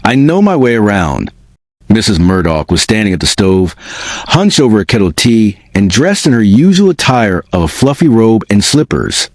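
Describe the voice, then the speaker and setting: Low-voiced man telling a spooky story. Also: big pitch swings, moderate pace, no echo. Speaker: narrator. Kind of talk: first-person storybook narration.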